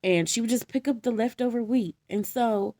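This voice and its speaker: A young woman telling a story in casual slang, animated, laughing often and acting out the quotes. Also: fairly high pitch, moderate pace, dry recording. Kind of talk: casual comedic Bible retelling.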